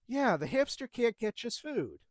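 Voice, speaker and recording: A woman's voice: on the high side, big pitch swings, measured pace, dry recording, clean studio sound, voice pushed up. A man voicing a confused middle-aged woman customer who talks earnestly and keeps pleading her case.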